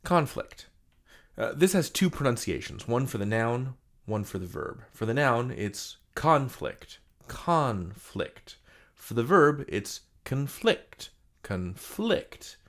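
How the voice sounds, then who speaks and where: A man's voice: mid-range voice, big pitch swings, takes it slowly. A man teaching a vocabulary lesson in a playful, jokey, theatrical scripted style.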